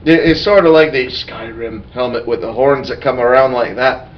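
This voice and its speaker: A man's voice: medium pitch, normal speed. Wry man joking about his game group. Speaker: podcast co-host and player. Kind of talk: casual recap of a tabletop game. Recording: dull, distant lo-fi sound.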